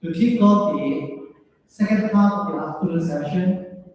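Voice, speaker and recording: Mellow-voiced man moderating in a hall. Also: high-pitched, a little slow. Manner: reassuring, slightly stumbling on names. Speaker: conference moderator. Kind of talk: event announcements. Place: large conference hall. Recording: echoey hall from far off.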